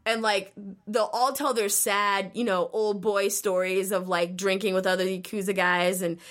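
A woman's voice: mid-range voice, little pitch movement, moderate pace, fairly bright tone. A young woman on a podcast, chatting casually and animatedly retelling a show, peppering her talk with "like".

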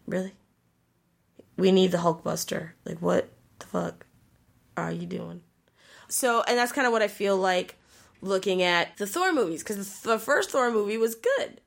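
Podcast co-host, woman, fiery profane ranter, mid-pitched voice. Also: moderate pace, gravelly, long pauses. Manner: animated, profane ranting. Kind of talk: casual podcast chat.

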